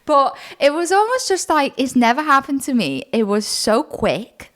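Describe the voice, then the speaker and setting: A woman co-hosting a podcast, telling a dating story in a giggly, animated way and talking to her listeners as guys. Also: sits high, normal speed. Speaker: podcast co-host. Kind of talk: casual chat.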